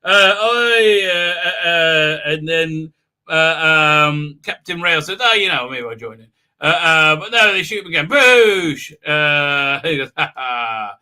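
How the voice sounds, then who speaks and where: A man rambles through a live stream recap, full of "uh"s and mocking impressions. His voice sits high and rings very bright. He bursts into sound effects and mock voices. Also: unhurried, clean tone. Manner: animated, mocking, acts out scenes with silly voices and sound effects; many hesitation fillers.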